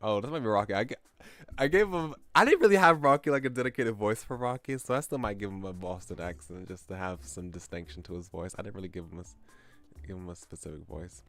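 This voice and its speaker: A man streaming a story game, chatting excitedly and talking to himself as he plays. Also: on the low side, fast talker, no room sound. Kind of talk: casual game commentary.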